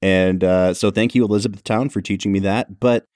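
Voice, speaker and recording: A young adult man co-hosting a podcast in casual chat, talking in quick asides and laughing often. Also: lowish voice, fairly even intonation, a little mellow, no echo. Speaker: podcast co-host.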